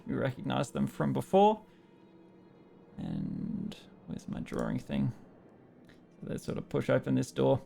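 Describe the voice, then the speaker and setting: Gravelly Australian man, casual rambling game master, tabletop session, fairly high voice. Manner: relaxed, rambling, laughs often.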